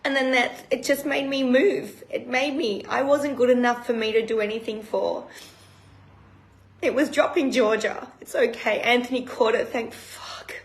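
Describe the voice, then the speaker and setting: A woman's voice: fairly high pitch, fairly even intonation, normal speed. A woman hosting a live stream, talking emotionally and bluntly with heavy swearing. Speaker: retreat host. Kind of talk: live-streamed personal talk. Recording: roomy echo.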